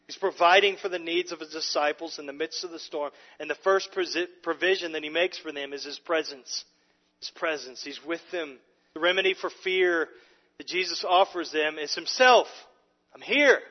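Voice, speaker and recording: Male pastor, fairly high voice, emphatic sermon delivery with restarts; muffled sound, long reverb. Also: moderate pace. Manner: emphatic preaching with frequent repeated words and restarts.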